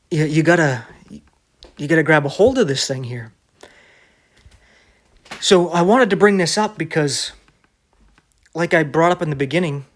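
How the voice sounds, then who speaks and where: A man preaching in a casual, conversational sermon, often restarting his phrases. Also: fairly high pitch. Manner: conversational, with many restarts and filler words.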